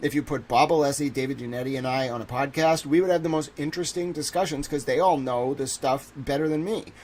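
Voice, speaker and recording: A man's voice: medium pitch, fast talker, a little mellow, slight background noise. A man in his thirties hosting a casual livestream, reading a legal document aloud and breaking off to joke and ramble. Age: 30s. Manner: rambling, joking, reads a document aloud and interjects. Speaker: livestream host.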